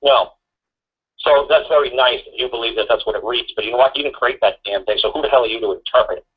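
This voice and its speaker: Talk radio host, man, husky voice, lo-fi sound, talks fast and rambles, mimicking people as he goes. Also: medium pitch. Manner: rambling, laughing, acts out quotes. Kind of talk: casual talk radio rant.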